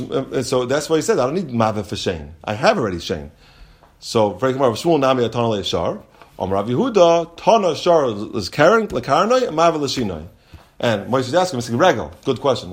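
A man leads a Talmud class. His voice sits a little high and moves in a study singsong. He mixes Hebrew and Aramaic terms into his as he explains. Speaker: Talmud teacher.

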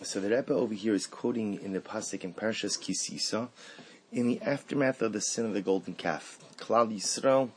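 A man teaching a Torah lesson, mixing Hebrew quotes into animated rhetorical questions. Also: fairly low pitch, normal speed, a little hiss or hum, low-quality recording. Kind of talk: Torah class on the weekly portion.

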